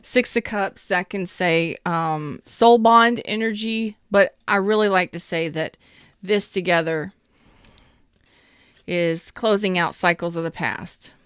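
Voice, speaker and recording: A woman with a lowish, fairly bright, smooth voice speaks slowly in a studio-quality recording with no room sound. She gives a casual, chatty tarot reading, addressing her viewers directly in an upbeat, emphatic way.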